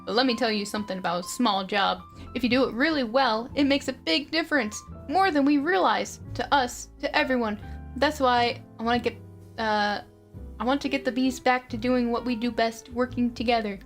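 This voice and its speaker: An earnest young male bee pleads his case, turning rushed and frantic when things go wrong, as a woman reads him aloud. The voice sits fairly high, with faint music underneath. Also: natural voice.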